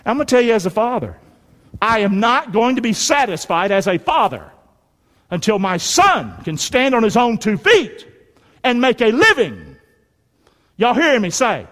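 Folksy male preacher with a high voice, emphatic call-and-response delivery, long hall reverb. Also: huge pitch swings, normal speed. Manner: call-and-response preaching, asks the congregation for amens; folksy, emphatic, swings between shouting and quiet. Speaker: pastor. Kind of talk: sermon. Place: church.

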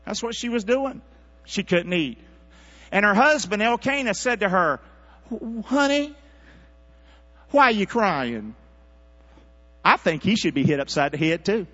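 A pastor preaching in a church, his voice sitting a little high for a man. He keeps pressing the room for answers, building from hushed stretches to loud peaks. The recording is dull and lo-fi, with a low mains hum under it. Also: moderate pace. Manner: calls for congregation responses, animated rising delivery. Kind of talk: sermon. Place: church sanctuary.

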